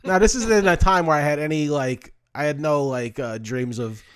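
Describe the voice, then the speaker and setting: A man from New Jersey, a comedian hosting a podcast, telling stories in a casual, animated way and often laughing. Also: on the high side, normal speed, background noise. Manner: animated, laughs often, acts out his own past lines. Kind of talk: casual storytelling chat.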